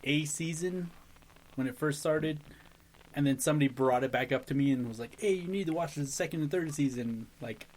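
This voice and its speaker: A man's voice: a little high, brisk, slight background noise, low-quality recording. Rambling podcast co-host, easygoing man. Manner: relaxed, rambling, laughs a lot. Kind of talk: casual chat.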